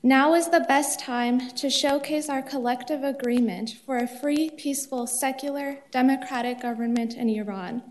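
A woman reading an earnest prepared statement as a public commenter at a city council meeting. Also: high voice.

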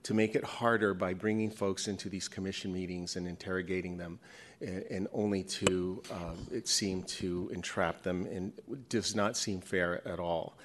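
Deep-voiced man lodging a formal complaint. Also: steady tone, moderate pace, slight background noise. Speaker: executive director of an employee association, public commenter. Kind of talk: formal public comment at a city meeting. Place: city commission meeting hall, at a podium.

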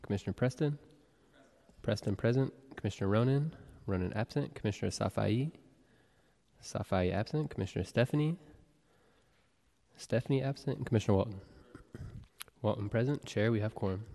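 A man serving as board clerk, reading the roll call and announcements in a brisk, formal way. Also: on the low side, vocal fry, warm tone. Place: city hall legislative chamber. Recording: long reverb of a large chamber.

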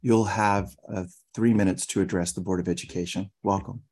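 A man managing public comment at a school board meeting, speaking in a measured, formal way. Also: low-pitched, fairly even intonation, darkish tone, breathy edge. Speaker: meeting clerk.

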